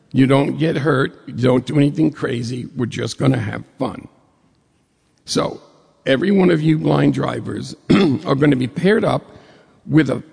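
A man from New York State telling a personal story to an audience in a lively way, acting out the dialogue as he goes. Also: medium pitch, vocal fry, breathy edge, long reverb tail.

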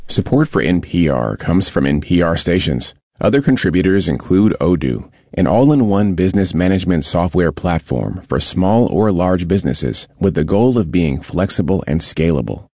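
A man reading a radio sponsor announcement in a smooth, polished way. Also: sits low, animated, moderate pace, hardly any pauses, warm tone, no echo, clean studio sound.

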